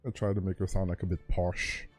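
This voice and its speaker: A man's voice: sits low, little pitch movement, a little fast, darkish tone, husky, faint music behind. A man co-hosting a casual let's play, laid-back and easily amused as he chats. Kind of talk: casual gaming commentary.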